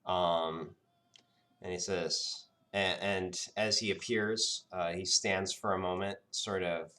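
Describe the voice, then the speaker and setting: Brief: male game master, slow, halting narration full of ums. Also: low-pitched, steady tone, sharp tone. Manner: hesitant, many "um" and "sort of".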